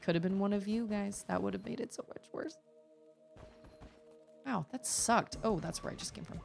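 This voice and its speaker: A woman's voice: medium pitch, normal speed, creaky, faint music behind. A woman streaming a video game, chatting casually and expressively with her viewers and reading their messages aloud. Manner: animated and expressive, reads chat aloud. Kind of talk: casual gameplay chat.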